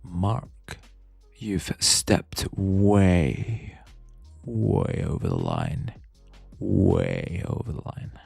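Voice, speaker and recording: In a whispered role-play, a man voices a menacing school principal who growls his threats in a scary little whisper. The voice is deep, heavily gravelly and husky, and it drags along very slowly. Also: sing-song, a little mellow, dry recording, faint music behind, full character voice.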